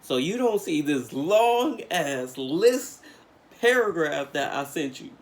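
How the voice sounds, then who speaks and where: A young man vlogging, telling a story in casual slang with lots of fillers, getting animated as he retells it. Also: fairly high pitch, slow pace, background noise. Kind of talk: storytime vlog.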